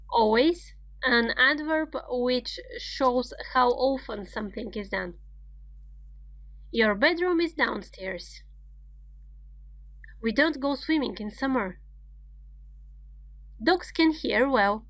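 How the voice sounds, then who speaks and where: Woman teacher, unhurried grammar explainer, slightly high voice. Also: expressive, fairly bright tone, no echo. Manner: slow, deliberate, explaining rules step by step. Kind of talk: grammar lesson.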